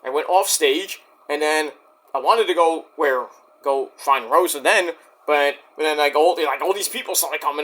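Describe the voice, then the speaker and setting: A man speaks straight to the camera in a rambling vlog rant, his voice sitting high for a man. He is indignant and defensive, repeats himself, restarts his sentences and swears freely at the people who doubt him. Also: normal speed, a bit bright. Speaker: YouTube wrestling reviewer. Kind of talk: ranting vlog address to critics.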